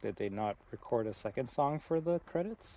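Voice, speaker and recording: A man's voice: mid-range voice, animated, moderate pace, warm tone. A man live-streaming a game, talking casually and rambling, swearing often and restarting his sentences. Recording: slightly muffled with faint music.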